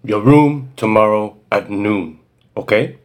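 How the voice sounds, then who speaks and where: A man's voice: on the low side, slow. A man playing a mysterious, laughing Frenchman on the phone, with a heavy, put-on French accent, in a comedic dramatic reading. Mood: amused.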